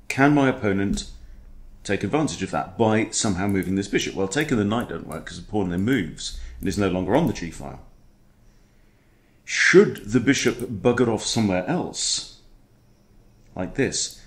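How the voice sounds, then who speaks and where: A man's voice: fairly low pitch, very animated, measured pace, long pauses. A man coaching chess, talking through a game in a playful, chatty way. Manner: playful, chatty, throws in silly impressions. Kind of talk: casual game commentary.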